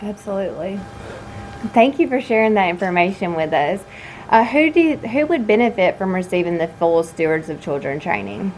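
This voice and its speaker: A woman who hosts a school wellness program, asking questions and explaining support services in a measured, affirming way. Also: mid-range voice, very animated, darkish tone, slight background noise, low-quality recording. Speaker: school student services director, host. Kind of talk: informational interview and presentation.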